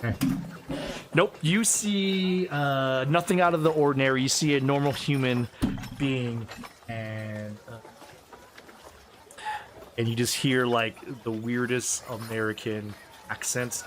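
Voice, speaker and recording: A man's voice: mid-range voice, fairly even intonation, slow pace, long pauses, background noise. A man narrating as game master of a tabletop role-playing game, in a loose, rambling way full of fillers.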